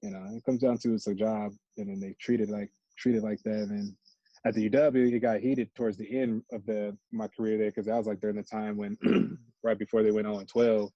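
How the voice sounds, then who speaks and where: Husky low-voiced man telling stories, slangy. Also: a little fast, no room sound, dull audio. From United States. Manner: slangy, animated storytelling. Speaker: podcast guest, former college football player. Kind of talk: casual chat.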